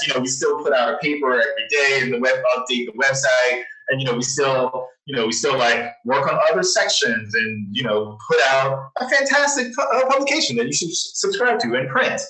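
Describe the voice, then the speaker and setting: A man's voice: mid-range voice, bright, forceful tone. A man who works as a newspaper journalist tells a story in a casual interview, rambling with many restarts and frequent laughs. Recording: roomy distant mic.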